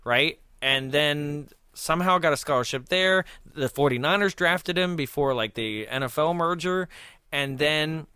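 A man hosting a film commentary chat, telling a story in a lively way, acting out quotes and laughing often. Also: on the high side, normal speed, smooth, dry recording, studio quality. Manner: animated, acts out quoted voices, laughs often. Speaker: film commentary podcast host.

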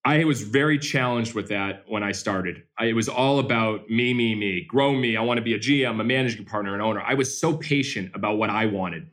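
A man who owns a baseball team, answering interview questions as an energetic, animated storyteller. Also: lowish voice, fairly quick, hardly any pauses.

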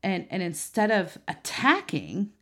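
A woman's voice: lowish voice, wildly swooping pitch, a little slow, fairly bright tone. A woman in her thirties, a mother, talking earnestly to camera in a conversational way, with many fillers and restarts. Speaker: mother and vlogger.

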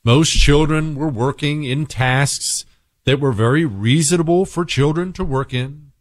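A man hosts a talk radio show with a fairly high voice, blunt and sarcastic, dropping to low mutters and then bursting out loud. The studio sound is dry and close. He rants in an opinionated monologue. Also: measured pace, dry recording.

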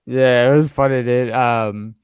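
A man's voice: mid-range voice, steady tone, a little slow, clear, resonant tone, no room sound, dull audio. A young man telling laid-back stories in casual chat, full of slang and swearing. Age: young adult.

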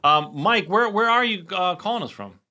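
A man's voice: sits high, lively intonation, moderate pace, pushed and bright. A man in his forties co-hosting a podcast, chatting casually, laughing often and tripping into restarts. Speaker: podcast co-host. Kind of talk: casual chat.

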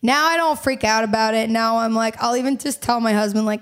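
A bubbly young woman talking as a podcast guest, with a voice pitched a bit high. She laughs often and fills her talk with "like" and "you know," in a loose, casual flow. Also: fairly quick.

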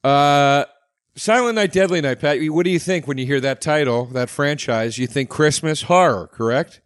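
A man's voice: on the high side, normal speed, dry recording, clean studio sound. A man co-hosting a podcast, telling jokes in casual chat and laughing at his own punchlines. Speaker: podcast co-host.

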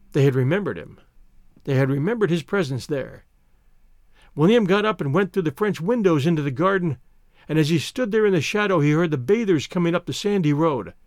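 A man's voice: fairly high pitch, no echo, clean studio sound. A man reading a short story aloud as narrator, shifting his voice up for the characters' lines.

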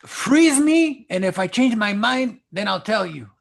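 A man's voice: lively intonation, a little slow, gravelly, exaggerated voice. A man putting on a joking impression of a famous male actor with a caricatured Chicano English accent. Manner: loud, high, joking.

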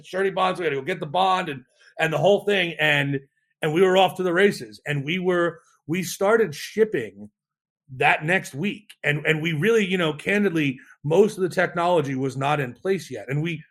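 In a podcast interview, a man who co-founded a startup spins an animated story with a fairly high voice. He acts out quotes and often starts over mid-sentence.

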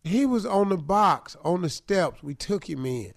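A man's voice: high voice, unhurried, vocal fry, no room sound. A man hosting a radio show, teasing a co-host in joking studio banter. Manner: teasing, lively.

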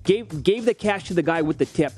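A man from the American Midwest co-hosting a sports talk show, rattling through his lines at a fast clip. He keeps the banter chatty over a faint music bed. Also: high voice, expressive, darkish tone. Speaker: co-host.

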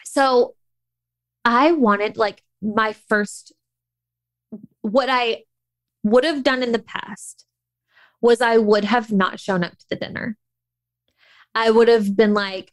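A woman's voice: fairly high pitch, fairly even intonation, takes it slowly, long pauses, dry recording. Chatty woman telling a personal story. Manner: chatty, many fillers, acts out her own past thoughts.

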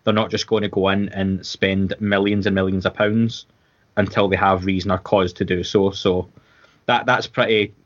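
Chatty Scottish man, lowish voice. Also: level tone, normal speed, muffled recording. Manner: chatty, rambling with restarts and fillers. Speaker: podcast co-host. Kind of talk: casual watchalong chat.

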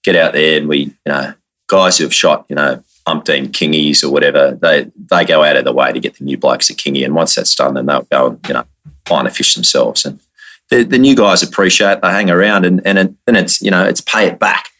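An Australian man telling a casual story as an interview guest, lively and full of quick restarts. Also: extremely low pitch. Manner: lively yarn-spinner, frequent restarts.

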